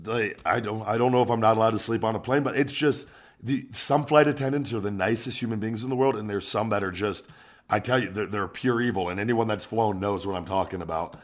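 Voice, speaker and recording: A man hosting a podcast, telling an animated, profane story in casual chat. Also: fairly low pitch, a little fast. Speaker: podcast host, former wrestler.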